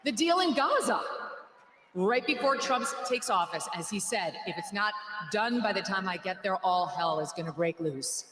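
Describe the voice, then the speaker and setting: A woman's voice: medium pitch, expressive, normal speed, fairly bright tone. Sarcastic woman giving a rally speech. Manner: sarcastic, mocking. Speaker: rally speaker. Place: large rally hall. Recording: echoey hall, faint background noise.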